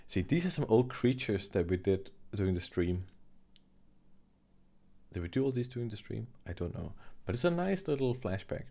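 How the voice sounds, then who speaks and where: A young man hosting an art livestream, rambling and joking in a relaxed chat while he laughs and swears. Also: lowish voice, moderate pace, gravelly. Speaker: livestream host and digital artist.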